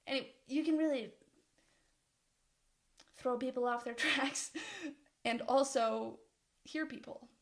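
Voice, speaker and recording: A young woman talks through course material in a loose, chatty way. She often stops mid-thought, restarts and laughs. Her voice sits a little high and has a gravelly, fried edge. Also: takes it slowly, long pauses. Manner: rambling, self-interrupting, laughs often. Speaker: co-presenter. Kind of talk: casual discussion of course material.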